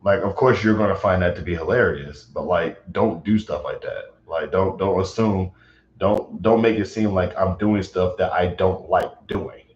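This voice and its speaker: A man's voice: low voice, normal speed, slight background noise. A man livestreaming, talking agitatedly and rambling with lots of fillers. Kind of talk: casual livestream chat. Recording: roomy, dull lo-fi sound.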